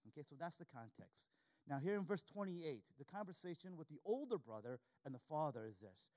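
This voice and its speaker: A man's voice: fairly high pitch, very animated, brisk, a little mellow. A man preaching a sermon, reading scripture aloud and repeating key lines for emphasis. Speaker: pastor.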